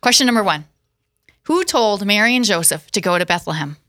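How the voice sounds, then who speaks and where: Brief: upbeat woman quiz host, bright tone, laughs through her lines, studio chat. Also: mid-range voice, very animated, fairly quick, dry recording. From South Dakota. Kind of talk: casual studio chat, quizmaster.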